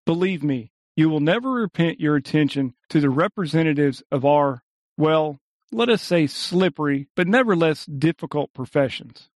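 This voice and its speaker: A man's voice: on the high side, animated, a little mellow, dry recording, studio quality, lightly acted. Man reading a suave thief spokesman. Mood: indignant. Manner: elegant, courteous, measured speech. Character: suave, cunning male thief spokesman, polished orator. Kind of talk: audiobook reading.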